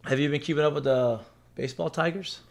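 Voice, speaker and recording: A man's voice: on the high side, fairly even intonation, fast, creaky. A man in his thirties hosting a podcast in easygoing, agreeable casual chat. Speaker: podcast host.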